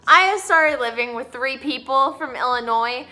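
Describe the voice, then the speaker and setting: A woman's voice: high-pitched, normal speed, bright, forceful tone. A young woman, chatting casually and giggling as she acts out little quotes. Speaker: vlog co-host. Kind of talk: casual chat.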